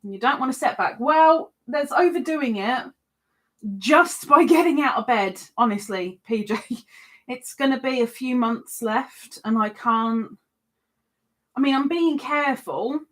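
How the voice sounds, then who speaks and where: A woman's voice: sits high, measured pace, a bit bright. A woman, hosting a casual live stream from home, chatting while she crochets and reading viewer comments aloud in playful voices. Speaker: live-stream host greeting chat.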